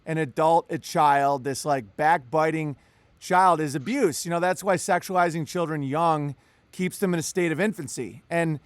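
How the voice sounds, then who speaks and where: Animated, profane man with a high voice. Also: dry recording. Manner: animated, profane, quick asides and jokes. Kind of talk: casual conversation.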